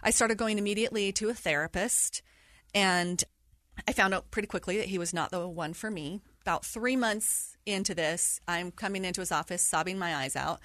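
A middle-aged woman telling a personal story in an interview, animated and laughing through hard memories. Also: on the low side, moderate pace, dry recording, studio quality. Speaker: guest sharing her story. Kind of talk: candid interview conversation.

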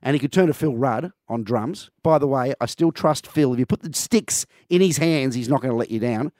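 A man's voice: mid-range voice, brisk, darkish tone, no echo, studio quality. A man co-hosting breakfast radio, chatting passionately with lots of ums and restarts. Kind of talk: casual radio chat. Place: radio studio. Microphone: close studio mic.

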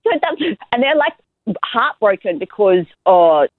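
An Australian woman in her thirties chats on a podcast, her pitch leaping around as she tells stories. The sound is tinny and phone-like, dry and close, with no room around it. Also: unhurried, no room sound. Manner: chatty, animated storytelling with laughs. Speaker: podcast co-host. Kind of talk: casual chat.

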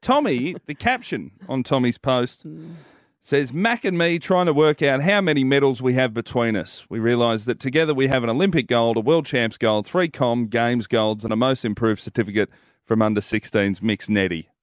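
A man's voice: medium pitch, moderate pace, no echo. Wry man, comedian radio co-host, dry studio sound. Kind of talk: casual radio banter.

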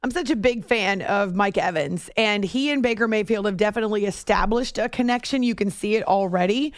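A woman's voice: medium pitch, fairly quick, no echo, studio quality. Chatty woman hosting late-night sports radio. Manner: chatty, self-deprecating, laughs easily. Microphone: studio microphone.

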